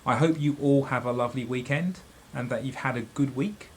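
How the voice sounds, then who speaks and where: A headmaster reading a picture book aloud to children, then speaking to them in a gentle, friendly way. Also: male voice, medium pitch, fairly quick, a little hiss or hum. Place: school library.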